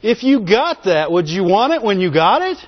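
A man preaching a sermon in a fairly high voice. He calls out "Amen?" to the congregation and repeats phrases to drive his points home. The recording sounds dull and lo-fi. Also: very animated, normal speed. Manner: asks the congregation for call-and-response "Amen?"; repeats phrases for emphasis and chuckles between points.

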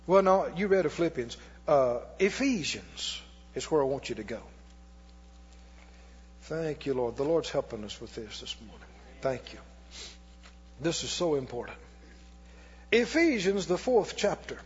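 A man's voice: on the high side, lively intonation, unhurried, pauses often, a little hiss or hum. A male pastor preaching a sermon, emphatic and questioning his congregation. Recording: dull echoey hall recording.

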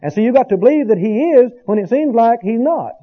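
A man's voice: very high-pitched, lively intonation, brisk, slightly rough, highs cut off. A man preaching a sermon as pastor, building to emphatic bursts and asking the congregation for agreement. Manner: preaching with rising emphatic bursts and call-and-response asides.

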